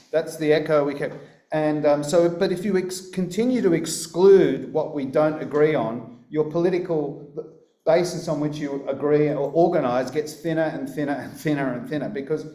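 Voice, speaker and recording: A man's voice: medium pitch, dark tone, reverberant. A man with an Australian accent giving a live conference talk, wry and anecdotal, hesitating with frequent fillers. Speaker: speaker at a political conference.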